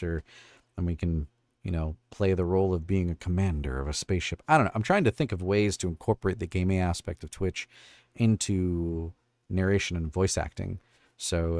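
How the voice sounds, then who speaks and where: A livestream host and voice actor with a deep, slightly mellow voice rambles and thinks aloud while fiddling with his stream tools. He's in a home studio, and there's no echo.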